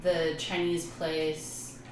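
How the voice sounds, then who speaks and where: A woman's voice: low voice, little pitch movement, very slow, noisy background. A woman in casual chat, talking hesitantly and using lots of fillers. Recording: echoey room, distant from mic.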